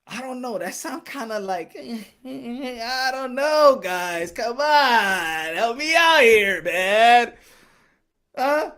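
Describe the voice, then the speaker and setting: A man's voice: high-pitched, expressive, takes it slowly, sharp tone. A man hosting a casual boxing live stream, bantering with his chat in a profane, laughing way. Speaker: boxing channel host.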